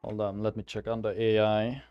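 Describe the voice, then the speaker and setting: A man's voice: lowish voice, monotone, normal speed, highs cut off, slight background noise. A young man streaming a game, chatting casually and thinking aloud as he rambles with fillers. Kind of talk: casual live game commentary.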